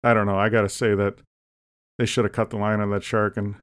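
A man co-hosting a casual comedy podcast, rambling through deadpan jokes and asides. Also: on the low side, quick pace, smooth. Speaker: podcast co-host.

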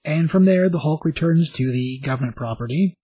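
Recapping a comic book, this man meanders, stacking fillers and starting sentences over. His husky, somewhat rough voice is a little high with a dark tone and a fairly quick pace, recorded dry and close without any room echo.

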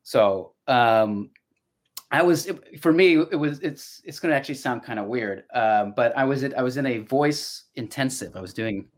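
A man's voice: mid-range voice, moderate pace. Reflective middle-aged man telling a story. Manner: reflective, storytelling, many restarts. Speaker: podcast guest, voice actor. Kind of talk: casual conversation.

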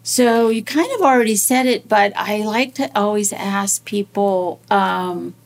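A woman hosting a conversational interview, asking gentle, reflective questions with a few fillers. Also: medium pitch, measured pace. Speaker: podcast host.

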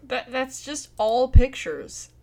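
A woman's voice: high voice, animated, takes it slowly, creaky, a little mellow. A young woman co-hosting a film podcast, chatting in a playful, teasing, slangy way. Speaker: podcast co-host. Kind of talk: casual chat.

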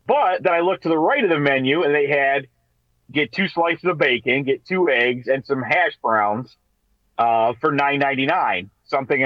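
A man with a somewhat high voice, co-hosting a radio show and telling a casual story with lively, laughing energy. His voice sounds dry and a little dull, as if it came off a radio broadcast. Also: moderate pace, no room sound. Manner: animated, laughs through his stories.

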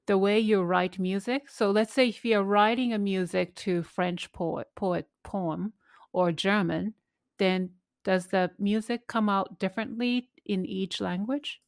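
A woman's voice: mid-range voice, steady tone, unhurried, dry recording. Chatty woman host, dry sound. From lives in New York City. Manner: conversational, many fillers like "you know". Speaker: interview host. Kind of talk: interview questions.

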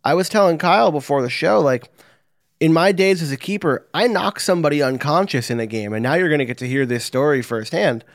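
Animated casual man, dry sound. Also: on the high side, brisk, no room sound. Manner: animated storytelling, swears casually. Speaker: podcast host. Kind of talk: casual sports chat.

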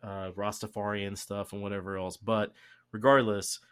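Man, young adult, podcast host, casual chat, rambling, jokey, lowish voice. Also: little pitch movement, smooth. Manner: rambling, jokey, quick asides.

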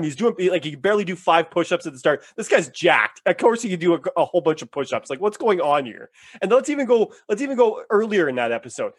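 Man, podcast co-host, higher voice, animated, profane ranting, dry close mic. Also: no room sound. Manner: animated, blunt and profane, mocks characters in exaggerated voices. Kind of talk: casual chat, ranting review.

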